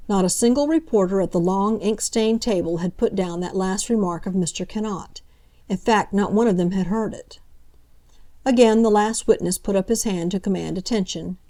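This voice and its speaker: A woman narrating a classic novel as an audiobook, reading in a measured, steady way. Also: medium pitch.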